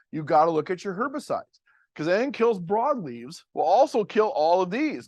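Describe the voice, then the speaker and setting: A man's voice: sits high, no echo, studio quality. Folksy man teaching farmers. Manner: folksy storytelling, plainspoken. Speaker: cover crop agronomist. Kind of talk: workshop talk to farmers.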